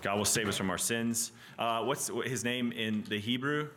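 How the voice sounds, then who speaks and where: A man teaching a Bible study class in a casual, animated way, often asking "right?" and restarting his sentences. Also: mid-range voice, moderate pace, slight background noise.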